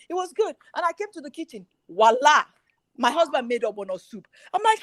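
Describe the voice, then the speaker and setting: High-voiced woman telling stories. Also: fairly quick, no room sound. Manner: animated storytelling, acting out quoted dialogue. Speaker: guest on a relationship talk show. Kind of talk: casual chat.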